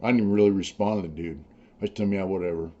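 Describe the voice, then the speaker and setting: A man's voice: lowish voice, rapid-fire, mellow, highs cut off. An older man, a former prisoner, telling his stories in a rambling, profane, casual way full of "you know". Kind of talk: casual storytelling.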